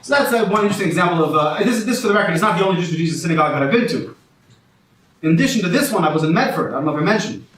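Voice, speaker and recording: A stand-up comedian with a high, lively voice races through a rambling set sprinkled with Hebrew and Yiddish, his tone fairly bright. He's in a small comedy club, recorded from a distance in an echoey room with a laughing crowd and slight background noise.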